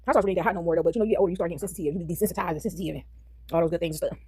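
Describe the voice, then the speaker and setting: A woman's voice: fairly low pitch, very fast, a little mellow, slightly rough, no room sound. A woman vlogging casually while eating, chatting with her viewers and breaking into bits of song. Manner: chatty, addresses viewers as y'all, sings snippets. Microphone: phone.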